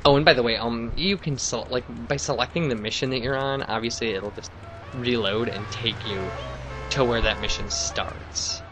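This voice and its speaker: A man's voice: mid-range voice, pushed and bright. A young man from Wisconsin giving rambling, chatty commentary while playing a game. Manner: rambling, chatty, many fillers and asides. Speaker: let's play host. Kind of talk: casual gameplay commentary.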